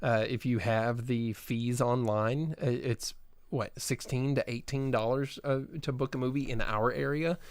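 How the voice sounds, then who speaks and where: A man co-hosting a casual movie chat, talking in a relaxed, chatty way with many filler words. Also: mid-range voice, measured pace, clear, resonant tone, no echo. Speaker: podcast co-host.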